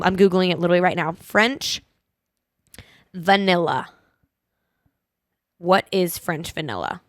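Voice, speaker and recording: A woman's voice: on the high side, sharp tone, no room sound, studio quality. A young woman hosting a podcast, chatty and self-mocking. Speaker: podcast host. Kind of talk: casual chat.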